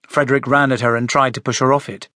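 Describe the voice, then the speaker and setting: A man narrating a children's storybook with expressive, animated delivery. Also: mid-range voice, fast talker, no echo, studio quality. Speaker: audiobook narrator.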